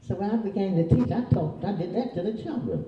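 A woman's voice: medium pitch, lively intonation, quick pace, a little hiss or hum. Older lady reminiscing, chuckles a lot, sounds far off in a roomy space, kinda dull lo-fi. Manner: chuckling, folksy, plays other voices. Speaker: retired teacher. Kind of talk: oral history storytelling. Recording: distant, roomy, dull lo-fi recording.

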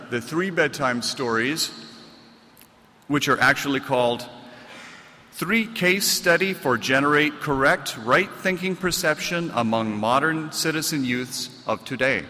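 Casting: American man, higher voice, animated and self-mocking storyteller, echoey hall. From United States. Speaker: author giving a reading. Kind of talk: comic storytelling to a live audience.

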